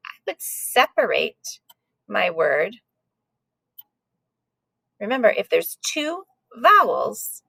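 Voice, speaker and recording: A woman's voice: mid-range voice, creaky, a bit bright, slightly rough, no echo. A woman teaching a recorded phonics lesson to second graders, sounding out letters patiently.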